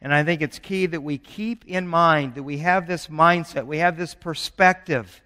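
A man's voice: fairly high pitch, moderate pace, pushed and bright. Earnest man preaching in a reverberant church. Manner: earnest, building urgency with storytelling. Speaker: pastor. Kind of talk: sermon. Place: church sanctuary.

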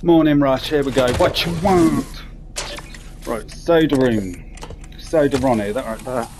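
Male gamer, casual self-talk commentary, slow and a bit high, audible background noise. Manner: sweary, talks to himself while playing. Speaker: gaming commentator.

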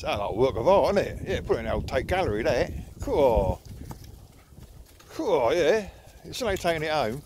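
A man's voice: on the high side, slight background noise. Sing-song man chatting to his dogs. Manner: chatty, teasing, sing-song talk to pets. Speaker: dog owner filming a walk. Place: outdoors by water in the countryside. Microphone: phone held while walking.

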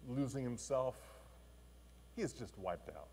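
A male pastor giving a sermon, telling a story in an expressive, animated way. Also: mid-range voice, slow, slight background noise. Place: church. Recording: long church reverb.

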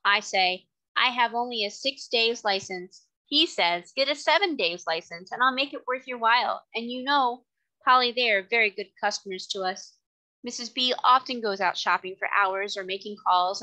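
A woman's voice: a little high, moderate pace, sharp tone, low-quality recording. A woman reading the part of an earnest, devout middle-aged cabman in her own light voice, in a plain, respectful tone. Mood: warm.

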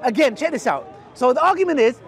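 A man's voice: extremely high pitch, very animated, fast. A man debating in an outdoor park, mocking and emphatic, talking to the crowd. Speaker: street debater. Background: crowd chatter.

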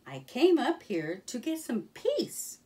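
A woman's voice: on the high side, wildly swooping pitch, slow, warm tone, distant mic, voice pushed up, full character voice. A woman voicing a bold, teasing male otter, in a children's storybook reading.

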